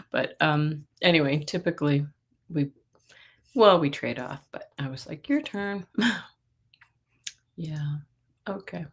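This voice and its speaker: A middle-aged woman hosting a psychic live stream, chatting casually and greeting viewers by name. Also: fairly low pitch. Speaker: psychic livestream host.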